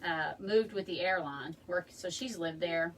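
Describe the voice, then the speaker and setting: Speaking a little slowly in a lowish voice, this woman runs a casual craft tutorial live from home. She rambles and chats, offering friendly asides to viewers, recorded by a distant room mic amid faint background noise.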